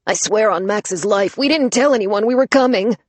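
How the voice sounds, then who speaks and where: A woman's voice: medium pitch, fairly even intonation, unhurried, no echo, lightly acted. A woman narrating an audiobook, voicing a frantic, whiny young man who pleads in a panic. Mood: panicked. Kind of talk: audiobook character voice.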